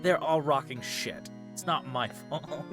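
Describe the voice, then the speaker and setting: A man's voice: mid-range voice, measured pace, music in the background. A man sarcastically joking and swearing while playing a video game with a friend. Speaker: let's play host. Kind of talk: casual game commentary.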